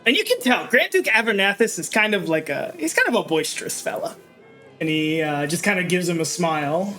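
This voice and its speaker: A man narrating a tabletop game as game master, playful and quick to chuckle. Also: high voice, sing-song, bright, forceful tone, faint music behind. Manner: playful, chuckling between voices.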